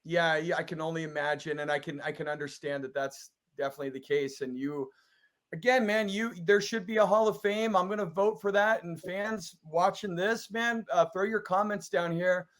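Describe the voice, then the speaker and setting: A man hosts a relaxed interview with a somewhat high voice. He keeps the conversation moving with quick nods of agreement and easy praise for his guest. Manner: encouraging, frequent short affirmations. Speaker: podcast host. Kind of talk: casual interview.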